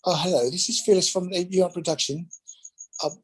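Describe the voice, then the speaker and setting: A chirpy older office lady on the telephone, her voice lifting high and sing-song as she talks up a guest. A man puts her on with a raised, bright tone. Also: fast talker, husky, low-quality recording. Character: chirpy older English woman office assistant.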